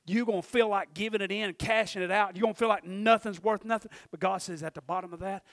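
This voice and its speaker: Guy preaching, gravelly, dry close sound, hushed one minute and hollering the next. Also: high-pitched, steady tone, quick pace, dry recording. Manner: swings from hushed murmurs to shouted fervor. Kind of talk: sermon.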